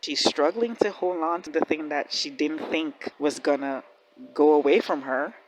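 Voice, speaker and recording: A woman hosting a reaction video, giving casual commentary in an excitable way, laughing often and talking back at the screen. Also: deep voice, moderate pace, slight background noise, low-quality recording.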